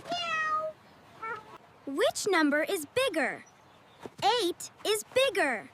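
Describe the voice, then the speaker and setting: Cheerful cartoon kids. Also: female voice, extremely high pitch, big pitch swings, heavy background noise, exaggerated voice. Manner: slow, simple questions and answers. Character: cheerful cartoon children, a boy and a girl. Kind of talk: animated kids' English lesson. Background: loud background music.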